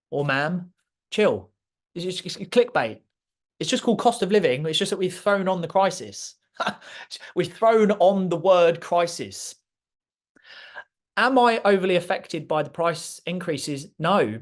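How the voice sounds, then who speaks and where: Passionate man, slightly high voice. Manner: direct, emphatic, passionate; speaks clearly and with authority. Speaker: guest speaker. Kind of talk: motivational masterclass talk to a live audience.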